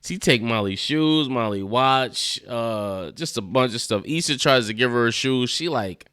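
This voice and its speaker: A man's voice: medium pitch, expressive, a little slow, fairly bright tone, clean tone, dry recording, studio quality. A man casually reviewing and recapping a TV episode, laid-back and slangy, chuckling as he retells scenes. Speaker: TV show reviewer.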